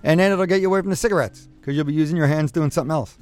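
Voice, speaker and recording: A man's voice: fairly high pitch, very fast, darkish tone, soft background music. A man hosting a call-in radio advice show, giving friendly advice in a rambling, self-correcting way. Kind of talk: casual call-in chat.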